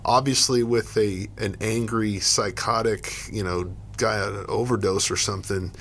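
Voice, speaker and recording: A man's voice: fairly low pitch, fairly even intonation, normal speed, fairly bright tone, a little hiss or hum. A man co-hosting a casual instructional talk show about emergency care, explaining step by step with frequent restarts. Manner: thoughtful, repeats and restarts while explaining. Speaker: podcast co-host and EMS educator.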